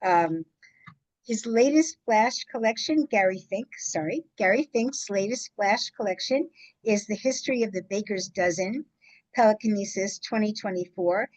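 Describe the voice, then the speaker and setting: A woman hosting a reading and introducing the next author, speaking with many pauses and fillers. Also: medium pitch, darkish tone, no room sound, poor audio. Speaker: host introducing readers.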